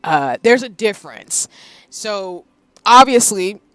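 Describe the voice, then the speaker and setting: Woman streamer, light Southern accent, animated casual chat; dry close sound. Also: medium pitch, slow, dry recording, rough recording. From Southern United States, Tennessee. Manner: animated, laughs often, lots of "like" fillers.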